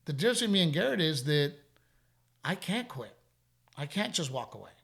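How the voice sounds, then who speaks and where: Middle-aged guy hosting a podcast, kinda high voice, candid storyteller, repeats stuff for emphasis. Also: very animated, a little fast, gravelly, fairly bright tone. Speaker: podcast host. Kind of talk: casual podcast chat.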